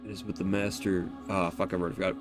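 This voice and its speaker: Guy doing a tired hurt minotaur, low and quiet and solemn, game music under it. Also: little pitch movement, rapid-fire, close to an everyday voice. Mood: grim. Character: weary, wounded male minotaur servant. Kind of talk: reading a visual novel aloud on stream.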